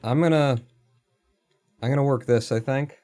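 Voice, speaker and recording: A man's voice: mid-range voice, normal speed, faint music behind. Chatty man thinking aloud while gaming. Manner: chatty, thinks aloud, counts aloud, talks to animals; excitable outbursts, casual swearing. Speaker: streamer. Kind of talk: live gameplay commentary.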